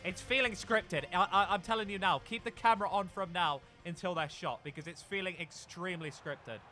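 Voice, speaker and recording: A young man commentates on his own football video game, shouting and swearing one moment and muttering the next. His voice is very bright and sharp, sitting a little high for a man. Faint music plays underneath. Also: fairly quick. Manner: excitable, swears a lot, swings between shouting and muttering. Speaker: gaming YouTuber.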